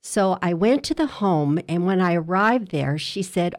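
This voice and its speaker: A woman's voice: fairly low pitch, expressive, measured pace. Earnest woman telling a care story. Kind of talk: telling a patient story in an interview.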